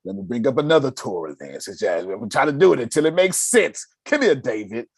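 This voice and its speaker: A raspy-voiced man giving a motivational business lesson, emphatic and casual, firing off rhetorical questions. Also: medium pitch, very animated, quick pace, dry recording. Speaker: business mentor. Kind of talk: motivational teaching.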